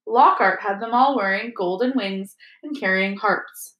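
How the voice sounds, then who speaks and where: A woman teacher reads a chapter book aloud in a steady, expressive classroom voice. Her pitch sits at a middle level. The voice rings in an echoey room. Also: measured pace, muffled recording. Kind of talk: storybook read-aloud.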